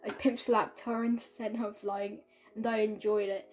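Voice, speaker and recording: Woman reading a fanfic out loud, trips on words and fixes them, faint music behind. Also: medium pitch, flat delivery, measured pace. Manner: stumbling, self-correcting reading with asides. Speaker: reader of fan fiction. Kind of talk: casual reading aloud of a fan story.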